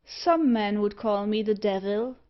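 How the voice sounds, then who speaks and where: A suave, mocking gentleman tempter with something devilish about him, as a woman reads him aloud in an audiobook. He speaks slowly and deliberately at a middling pitch. The recording is a little dull and lo-fi. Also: close to an everyday voice. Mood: smooth.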